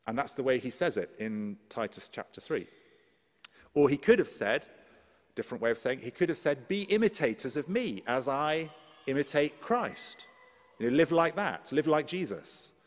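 A man with an English accent preaching a sermon in a conversational way, often asking his congregation questions. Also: mid-range voice. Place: church. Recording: long church reverb.

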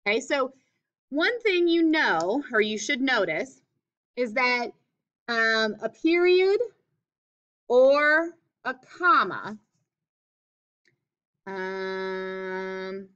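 A woman's voice: on the high side, lively intonation, very slow, long pauses, fairly bright tone, dull audio. A woman teacher explaining punctuation in a classroom writing lesson, reading examples aloud with expression.

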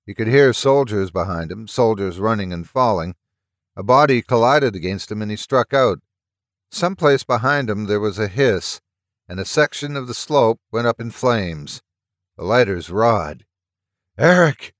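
A man reads a story aloud at a steady, measured pace. His voice sits low, and the close-miked recording is dry. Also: no room sound. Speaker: horror story narrator. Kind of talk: audiobook reading of a story.

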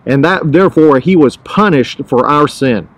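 A man's voice: a little high, animated, moderate pace, low-quality recording. A man pastoring a church, teaching a devotional podcast in an earnest, emphatic way, repeating his key phrases.

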